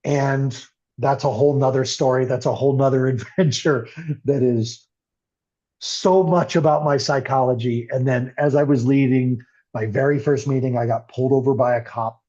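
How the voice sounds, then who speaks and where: A man's voice: mid-range voice, steady tone, moderate pace, warm tone. An older man telling his recovery story as an interview guest, earnest and emotional. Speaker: podcast guest. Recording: muffled lo-fi audio.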